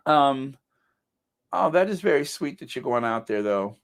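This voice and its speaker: A man's voice: mid-range voice, lively intonation, unhurried, clear, resonant tone. A middle-aged man hosting a casual live chat, reading viewer comments and joking at his own expense with mock-indignant outbursts. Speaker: channel host.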